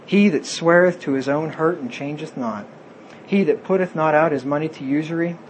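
A man's voice: on the high side, a little hiss or hum, low-quality recording. A man preaching a sermon, reading scripture aloud and explaining it plainly.

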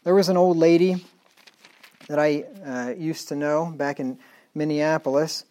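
A middle-aged male pastor preaching a sermon emphatically, reading scripture slowly and dropping into quiet asides. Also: fairly high pitch, steady tone. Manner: emphatic preaching, reads scripture in slow measured tones, drops to quiet asides.

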